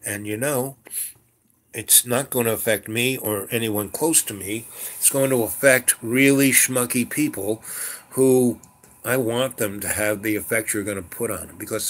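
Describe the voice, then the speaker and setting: A man's voice: fairly low pitch, a bit bright. A man casually telling a long story, rambling with lots of fillers and restarts.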